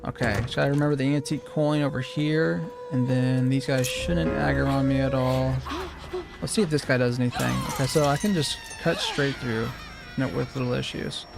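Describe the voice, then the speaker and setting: Gravelly man thinking aloud over gameplay. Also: medium pitch, moderate pace, over music. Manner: thinking aloud, repeating phrases, self-correcting. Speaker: speedrunner streamer. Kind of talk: casual gameplay commentary.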